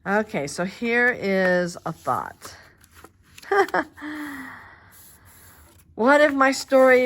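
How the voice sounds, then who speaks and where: Slow, soft-spoken chatty woman crafting. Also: mid-range voice, a little hiss or hum. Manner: chatty and meandering, many fillers and restarts; soft-spoken, drops to murmurs while working. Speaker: crafting vlogger. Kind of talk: casual chat while crafting. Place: quiet home craft space.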